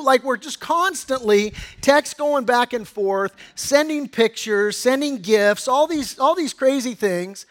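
A man's voice: very high voice, lively intonation, a little slow, fairly bright tone. A middle-aged pastor preaching a sermon in a conversational, story-telling way, acting out quotes from his family.

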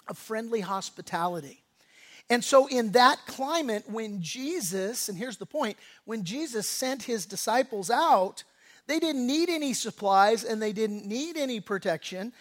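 A male pastor giving a sermon in a conversational, animated way, telling stories with quick asides and laughs, often restarting words. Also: extremely high pitch.

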